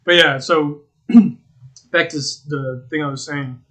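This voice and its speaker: A man's voice: fairly high pitch, slow. A young man co-hosting a podcast, telling stories in blunt, profane, casual banter. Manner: blunt, profane, lively storytelling. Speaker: podcast co-host.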